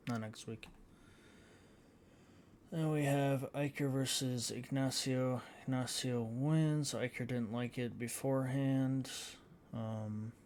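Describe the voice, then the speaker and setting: A man hosting a gaming channel, talking slowly in a flat, even tone as he works through results with plenty of ums. Faint room noise sits behind his voice. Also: mid-range voice. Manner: halting, reads out scores with many fillers. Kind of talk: casual gameplay commentary.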